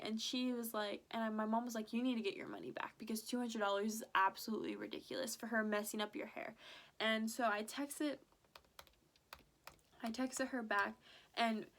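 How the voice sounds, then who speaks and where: A young woman vlogger chatting through a story, full of "like" fillers and quoted back-and-forth. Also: fairly high pitch. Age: young adult. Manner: chatty, animated retelling with many "like" fillers. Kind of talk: casual storytime vlog.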